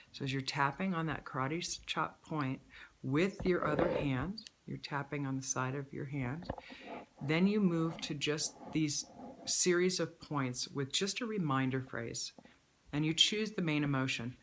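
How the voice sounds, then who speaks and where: A woman's voice: low-pitched, moderate pace, slight background noise. Woman coach, self-filmed, soothing affirmation-style teacher. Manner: calm, repetitive, speaks affirmations while tapping. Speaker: stress management coach. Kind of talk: self-help tutorial with spoken affirmations. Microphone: handheld camera at arm's length.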